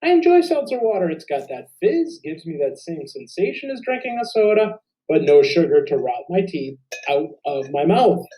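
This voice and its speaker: A man's voice: a little high, big pitch swings, moderate pace, hardly any pauses, dark tone, rough recording. A man teaching an acting lesson to students on video, upbeat and playful as he coaches and performs a sample monologue.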